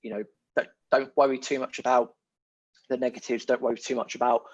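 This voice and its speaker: Man, husky voice, muffled lo-fi audio, emphatic casual chat. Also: medium pitch, a little fast. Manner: animated, emphatic, repeats key words. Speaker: podcast guest. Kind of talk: casual conversation.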